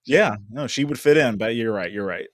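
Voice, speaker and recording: A man's voice: medium pitch, animated, a little fast, no echo, studio quality. A man guesting on a podcast, chatting casually with blunt, emphatic reactions. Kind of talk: casual chat.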